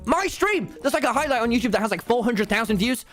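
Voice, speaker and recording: A man's voice: extremely high pitch, very fast, a bit bright, soft background music. A young British man in his late teens, a streamer telling a rambling, self-deprecating story on his livestream.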